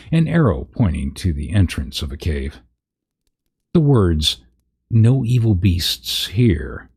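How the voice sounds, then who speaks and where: A man's voice: extremely low pitch, darkish tone, husky. A man reading a parody fantasy story aloud, breaking off with wry asides about the text. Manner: reads aloud with wry asides at misread words. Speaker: narrator.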